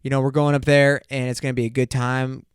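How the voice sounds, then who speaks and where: A man's voice: mid-range voice, fast talker, smooth, no echo, studio quality. Crude, rambling young male podcaster. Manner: loose, crude, rambling banter with bursts of excitement. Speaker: podcast host. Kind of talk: casual solo podcast rant.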